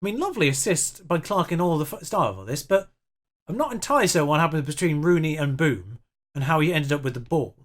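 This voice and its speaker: A man's voice: a little high, lively intonation, quick pace. A young man commentating his own game, chatty and self-mocking, muttering along as the match plays out. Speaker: YouTube game player. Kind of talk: let's-play commentary.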